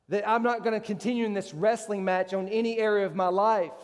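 Pastor, male, high tenor preacher; emphatic delivery, sharp jumps on questions; long hall reverb. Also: steady tone, a little fast, clear, resonant tone. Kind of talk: sermon.

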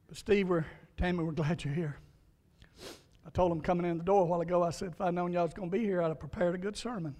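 A man's voice: high-pitched, steady tone, fast talker, darkish tone, in a large hall. A man preaching a sermon, telling folksy stories and repeating key lines for emphasis. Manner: folksy storytelling, emphatic repetition. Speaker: pastor.

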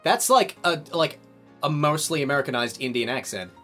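A young man co-hosting a casual podcast chat, animated and swearing freely. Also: on the high side, moderate pace, faint music behind. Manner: animated, swears freely, bursts of loud laughter. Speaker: podcast co-host. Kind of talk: casual chat among friends.

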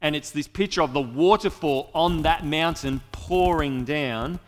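A man's voice: a little high, unhurried, soft background music. Earnest male preacher in a reverberant hall. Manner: earnest, addresses listeners directly. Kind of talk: sermon.

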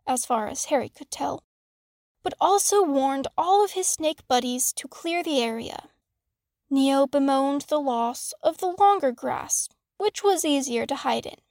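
A woman narrating a fan fiction audiobook in a calm, measured reading. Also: sits high, dry recording, clean studio sound.

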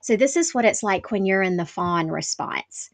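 A woman's voice: mid-range voice, animated, normal speed, no room sound. A woman hosting her own podcast in a casual, candid solo talk, chatty and self-deprecating, with lots of "like" fillers. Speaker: podcast host.

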